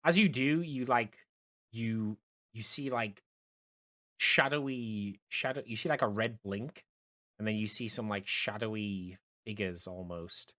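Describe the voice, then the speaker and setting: A young man narrating as dungeon master of a tabletop game, halting and full of fillers. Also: fairly low pitch, a bit bright. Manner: hesitant, many fillers and restarts.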